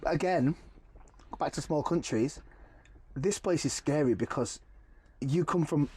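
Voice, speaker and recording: A young man, a guest telling animated stories in casual chat and saying yeah over and over. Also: a little high, measured pace, breathy edge. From Cumbria, England. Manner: animated storytelling, lots of yeah yeah yeah. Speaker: guest, actor and singer.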